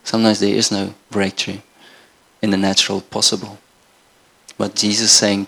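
Gravelly, even-toned male preacher from Namibia. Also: fairly low pitch, normal speed. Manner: earnest, conversational preaching with restarts. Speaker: pastor. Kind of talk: sermon.

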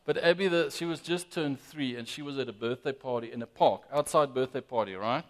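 A man preaching a sermon as pastor, emphatic and lively, often addressing the congregation directly. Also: medium pitch, brisk. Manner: lively, emphatic preaching with frequent "guys" and "amen".

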